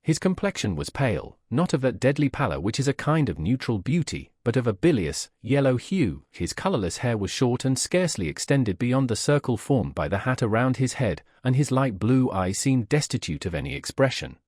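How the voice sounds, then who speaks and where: A man reading a classic novel aloud as an audiobook narrator, in a measured storytelling delivery that voices the characters' dialogue. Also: mid-range voice, very animated, a little mellow, slightly rough, no echo, clean studio sound.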